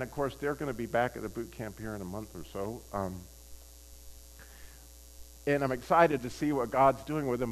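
A man's voice: medium pitch, rough recording. An older man preaching a sermon, telling a personal story and often asking the audience questions. He talks in a conversational way and repeats his key phrases for emphasis.

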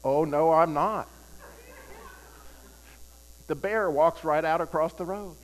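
A man's voice: a little high, slow pace, low-quality recording. An older man preaching a sermon, telling a personal story and often asking the audience questions. He talks in a conversational way and repeats his key phrases for emphasis.

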